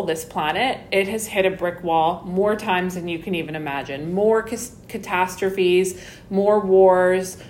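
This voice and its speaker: A woman hosts a casual spiritual chat with lots of energy. She swears freely and acts out other people's words in her own voice. A faint low rumble of noise sits under the talk.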